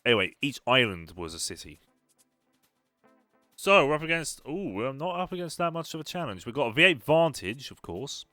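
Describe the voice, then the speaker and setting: A man's voice: medium pitch, very animated, normal speed, sharp tone, dry recording, faint music behind. A young man casually commenting on his racing game as he plays on a live stream, chatting and answering his viewers as he goes. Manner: chatty, reads and answers chat while playing. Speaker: gaming streamer.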